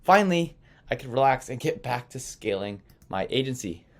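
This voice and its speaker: Male course instructor, mid-pitched, animated and coaching, tells stories and keeps checking listeners follow. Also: moderate pace. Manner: animated storytelling, checks in with okay and right. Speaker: marketing agency founder teaching sales. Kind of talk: online course lesson.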